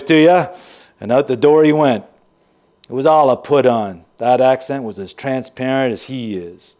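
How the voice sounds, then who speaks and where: A man's voice: mid-range voice, dark tone, lightly acted. A man playing a wry, bitter grown son. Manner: sardonic, confiding. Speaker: narrating character. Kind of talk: first-person audio drama monologue.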